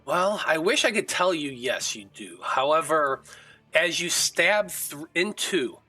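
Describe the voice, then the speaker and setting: A man's voice: on the high side, expressive, unhurried, pushed and bright, soft background music, low-quality recording. A man narrating as game master of a tabletop game in a casual, hesitant way with fillers.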